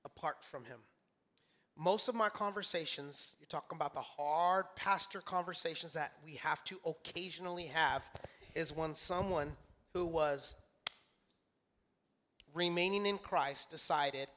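Preaching at a measured pace in a church sanctuary, a male pastor has a sharp tone and a voice on the high side. He repeats key phrases emphatically and prompts his congregation to respond.

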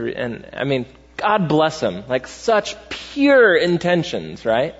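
A man's voice: on the high side, sing-song, slow pace, fairly bright tone. A young adult man preaching a sermon in a conversational way, peppering his points with "right?" and telling stories with animation. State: tired. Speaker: pastor. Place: large church hall. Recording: muffled, long hall reverb.

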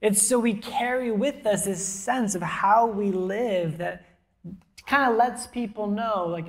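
A woman pastor preaching a sermon to a congregation in a church, conversational and emphatic, with soft, quiet asides. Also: medium pitch, slow pace. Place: church auditorium before a congregation.

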